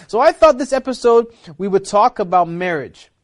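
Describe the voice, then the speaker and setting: A man's voice: high-pitched, expressive, normal speed. A man hosting a casual interview, upbeat and chatty, laughing easily. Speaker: show host.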